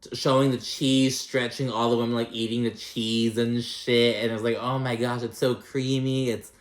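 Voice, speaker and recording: A man's voice: medium pitch, level tone, normal speed, roomy sound. A man giving a casual, chatty recap of a reality show, swearing freely and mimicking people's lines. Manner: chatty and profane, acts out quotes in mock voices.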